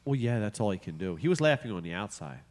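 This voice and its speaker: A man's voice: fairly low pitch, sing-song, quick pace, darkish tone. A male podcast host, joking, swearing freely and laughing at himself in casual studio banter. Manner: self-mocking, swears freely, laughs often.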